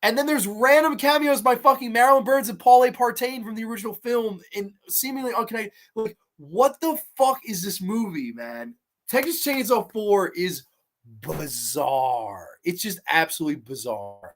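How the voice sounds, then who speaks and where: A man's voice: sits high, animated, normal speed, a bit bright. A man hosting a livestream, giving casual and profane commentary on horror films while reacting to chat.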